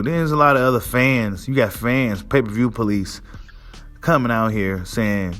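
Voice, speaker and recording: A man's voice: on the low side, fairly bright tone. A man hosting a boxing monologue, ranting in a heated, profane way and asking his audience "right?" again and again. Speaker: boxing commentary host. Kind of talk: casual rant monologue.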